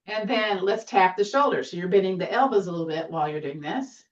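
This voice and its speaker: Woman, tai chi instructor, gentle encouraging cues, mid-pitched, distant from the mic, muffled sound. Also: a little fast. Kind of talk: guided exercise class.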